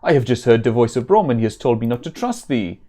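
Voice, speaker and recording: A man's voice: medium pitch, sing-song, fast, warm tone. A man voicing a stern, earnest adult male warrior with a put-on German accent and formal old-style speech.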